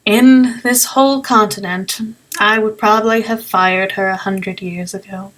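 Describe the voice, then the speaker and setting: Woman as a female bartender, grumbling, dry, exasperated, slightly lower and softer. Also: steady tone, measured pace, lightly acted, poor audio.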